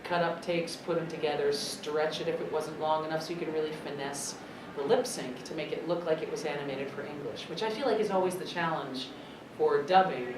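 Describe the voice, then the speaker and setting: A woman who works as a voice actor and dub director, answering press questions in a chatty, expressive way, thinking aloud. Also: sits low. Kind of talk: press interview answers at a convention. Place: convention press room. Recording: echoey convention room, distant mic, loud background noise.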